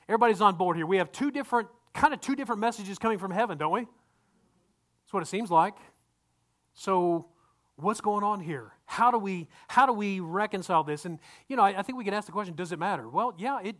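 A man's voice: sits high, animated, a little fast, fairly bright tone. A male pastor giving a conversational sermon, often repeating words and asking the congregation questions.

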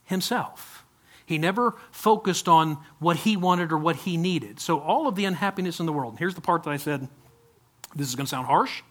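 A man's voice: fairly high pitch, fairly bright tone. A male pastor preaching a conversational sermon, often asking the congregation direct questions.

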